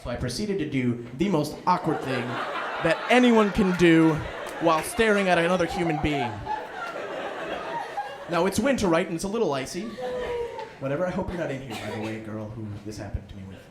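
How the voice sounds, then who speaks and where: A young man performs stand-up, poking fun at himself in a lively, bouncing delivery that leaps into excited inner voices. His voice sits a bit high for a man. The room echoes and a steady noise runs under him. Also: fairly quick, a crowd in the background. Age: young adult. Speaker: student stand-up comic. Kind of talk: stand-up comedy set. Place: live comedy room with audience. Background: audience laughter.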